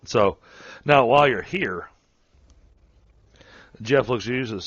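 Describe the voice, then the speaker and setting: A man narrating as game master of a tabletop game, halting and full of fillers, over a dull online call. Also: medium pitch, a bit bright, slightly rough, dry recording.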